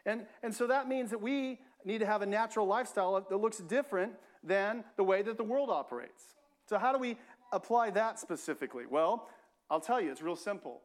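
Preaching in church a little fast, this male pastor has a high-pitched, animated voice. His sermon sounds conversational, with repeated phrases and frequent "right?" asides.

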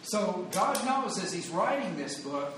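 A high-pitched male pastor delivers an earnest teaching sermon, quoting scripture and hammering points through repetition. His voice rings in an echoey church hall over a faint background hum. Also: big pitch swings, a little slow, a bit bright. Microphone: wired handheld or lapel mic. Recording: echoey room with faint ambience.

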